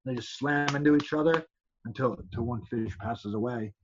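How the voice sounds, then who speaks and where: A man's voice: medium pitch, brisk, highs cut off, background noise. A man, a former fighter, telling rambling stories as a podcast guest, stumbling and restarting often and acting out other people's lines. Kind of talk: casual storytelling.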